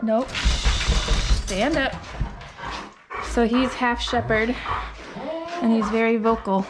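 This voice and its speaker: A high-pitched woman talks at an unhurried pace as she grooms a dog, coaxing and soothing it. She is recorded on a phone, with clear background noise throughout. Her tone stays gentle and reassuring. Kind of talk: casual narration while grooming a dog.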